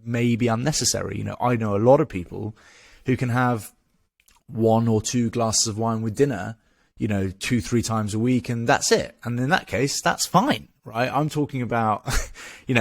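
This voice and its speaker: A man's voice: lowish voice, fairly even intonation, moderate pace, no room sound, studio quality. A man in his thirties with an English accent, a podcast guest telling a candid story in a frank, casual way, swearing and restarting as he goes.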